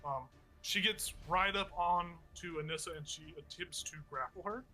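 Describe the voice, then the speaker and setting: A man's voice: sits high, moderate pace, pushed and bright, soft background music. A man acting as game master, explaining the rules at length with many fillers. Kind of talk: running a tabletop game.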